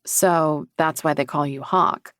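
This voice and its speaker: A man voicing a guarded young woman with a southern accent, asking soft questions. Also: fairly high pitch, steady tone, takes it slowly, dry recording, clean studio sound.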